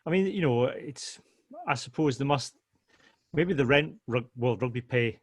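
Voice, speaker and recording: A man's voice: medium pitch, lively intonation, moderate pace, breathy edge, no room sound. A man hosting a casual podcast chat, explaining at length with frequent ums and hesitations. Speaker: podcast host.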